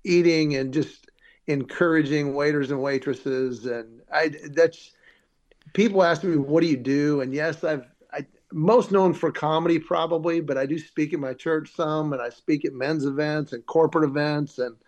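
A man's voice: a little high, normal speed, muffled recording. A man, a comedian and speaker, telling upbeat stories in an interview and acting out the dialogue in them. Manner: upbeat storyteller, acts out quoted dialogue. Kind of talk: casual interview chat.

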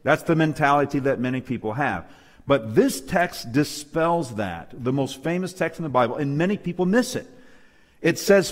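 A man's voice: on the high side, lively intonation, normal speed, big-room sound. A man preaching a Bible lesson to a live and online audience, emphatic, often asking for amens. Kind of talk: sermon-style Bible lesson. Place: church hall with local and online audience.

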